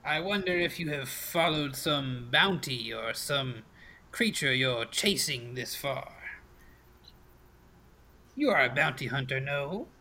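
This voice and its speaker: A man voicing a hunched old woman fortune teller with a crackling voice, slow and knowing. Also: very deep voice, expressive, sharp tone, exaggerated voice. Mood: sly.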